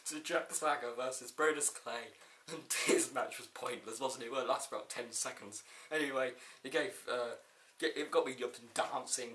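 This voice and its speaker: A man's voice: medium pitch, pushed and bright, roomy sound. A man casually reviewing a wrestling show, laughing often and rambling through a recap with quoted lines.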